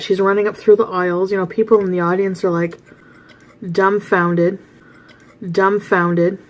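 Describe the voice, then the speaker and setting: A woman vlogger chats to her camera in a candid, confessional tone, telling personal stories without holding back. She mostly stays quiet and low-key, in an everyday mid-range voice. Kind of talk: casual storytelling to camera.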